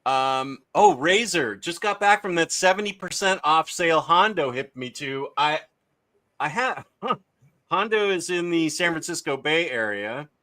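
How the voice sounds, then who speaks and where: Man, livestream host, rambling casual chat, reads comments aloud, bright tone, slightly high voice. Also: expressive, a little slow.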